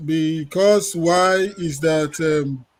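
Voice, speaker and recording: A man from Nigeria co-hosting a casual podcast, who reads a listener comment aloud and then argues against it in a measured way. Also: a little high, rough recording. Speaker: podcast co-host.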